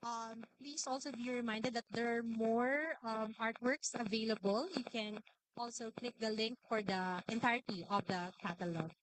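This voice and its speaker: A woman's voice: fairly high pitch, fairly even intonation, normal speed. A woman hosting an event in a hall, giving announcements with some hesitation. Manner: hesitant, with fillers and repeats. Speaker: event host.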